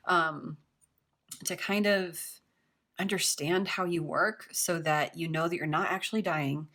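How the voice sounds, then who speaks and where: A woman's voice: sits low, steady tone, unhurried, fairly bright tone. A young woman giving a casual tarot reading, chatty and reassuring, with lots of filler words. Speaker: tarot reader.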